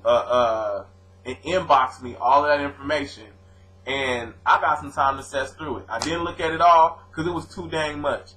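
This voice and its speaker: A man's voice: medium pitch, rough recording. A young adult man from the US West Coast, talking straight to his viewers in a slangy, argumentative vlog rant. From born in Louisiana, raised on the US West Coast. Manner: animated, argumentative, slangy, addresses viewers directly. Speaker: vlogger answering his commenters. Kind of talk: casual argumentative video rant.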